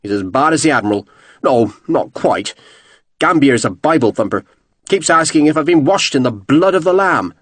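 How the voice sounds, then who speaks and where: A man's voice: a little high, expressive, moderate pace, no room sound. A man voicing a tall, fair-haired naval captain with a Devonshire accent, friendly and wry.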